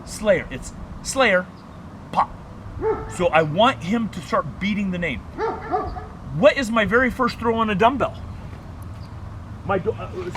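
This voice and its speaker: A man's voice: sits high, noisy background. A man leading a dog training workshop, lecturing and sharply calling out commands.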